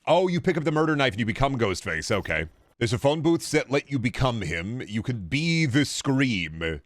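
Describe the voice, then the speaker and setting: In his twenties, this gaming streamer has a mid-range, sing-song voice at a normal speed, recorded dry. He rambles and jokes profanely in casual livestream chatter, responding to his chat as he plays.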